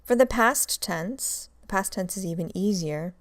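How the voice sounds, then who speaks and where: A woman's voice: mid-range voice, a little slow, dry recording. A woman teaching a recorded grammar lecture, explaining step by step and drilling examples. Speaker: Russian language teacher.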